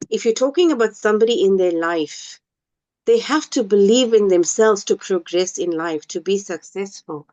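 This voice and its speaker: A woman teaching an online class, speaking slowly and deliberately and often checking whether her students understand. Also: medium pitch, darkish tone. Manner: slow, deliberate, asks the class questions. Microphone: video call. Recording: dull lo-fi video call audio.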